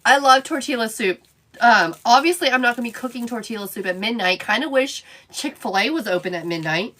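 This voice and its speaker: A woman's voice: on the high side, expressive, brisk, sharp tone. A woman hosting a casual craft live stream, chatting and answering viewer comments by name as she works.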